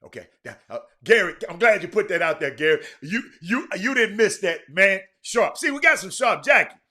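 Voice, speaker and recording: Man, sports show host, bright tense voice, stumbles and repeats words, calls out viewers. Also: high-pitched, normal speed. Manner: animated, repeats words, addresses viewers by name. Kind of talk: live-stream chat with viewers.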